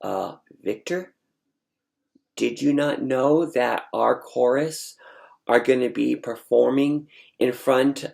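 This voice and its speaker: A man's voice: mid-range voice, slow pace, gravelly, darkish tone. A man voicing a chatty male choir director. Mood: explaining.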